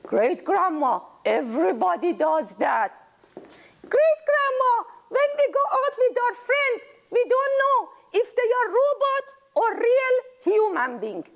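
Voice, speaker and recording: A woman voicing excited, bossy young great-grandchildren who scold their great-grandmother impatiently. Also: very high-pitched, unhurried, vocal fry, voice pushed up, exaggerated voice.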